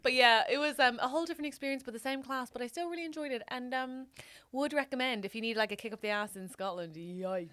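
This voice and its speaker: A woman co-hosting a casual comedy podcast, telling a story with animated energy, laughing and swearing as she goes. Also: sits high, fast talker. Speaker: podcast co-host.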